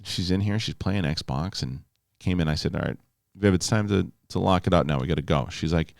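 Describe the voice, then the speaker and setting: A middle-aged man hosting a casual solo show, telling stories with lively, animated delivery and reading a sponsor spot. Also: deep voice, brisk, vocal fry, dry recording, studio quality. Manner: animated storytelling, yelling in quoted outbursts. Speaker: host.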